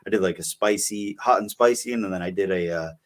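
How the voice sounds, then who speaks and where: Young male podcast co-host, low voice, rambling casual storyteller. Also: fairly quick. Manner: rambling, filler-heavy storytelling. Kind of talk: casual chat.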